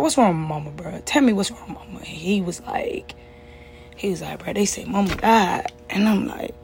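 A young woman tells a painful personal story in casual speech, stammering and restarting, her voice quieter and halting as the story turns to grief. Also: fairly low pitch, gravelly, a little hiss or hum. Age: young adult. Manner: quotes others in a raised voice, many restarts and stammers.

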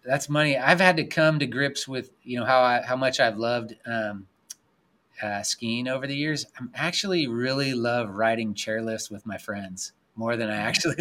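A man chatting casually as a podcast guest, rambling and excited, filling his talk with "like". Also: medium pitch, moderate pace. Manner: rambling, excited, heavy use of "like". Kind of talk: casual chat.

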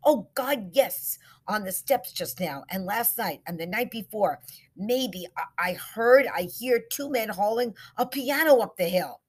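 A woman's voice: animated, unhurried, breathy edge. A woman voicing Bella, a startled 55-year-old woman who hears ghostly voices at night, speaking in an urgent, breathless way. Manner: breathless, urgent, rising pitch.

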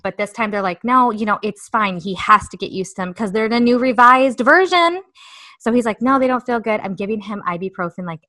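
Bright, dry-voiced woman telling a story. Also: medium pitch, no echo. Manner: animated, emphatic storytelling. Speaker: podcast co-host. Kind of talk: casual storytelling chat.

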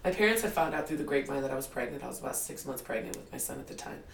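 A woman's voice: rumbling low, very fast, gravelly, slight background noise. Woman telling her story in a roomy room. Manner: animated storyteller, laughs often, acts out quotes. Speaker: guest. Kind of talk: candid life-story interview. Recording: roomy, distant mic with faint ambience.

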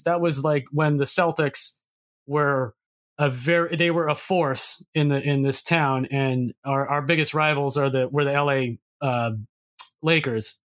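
A man from Boston, USA, without a local accent co-hosts a podcast, his voice fairly high and a bit bright. The chat is casual and rambling, with some swearing and many restarts.

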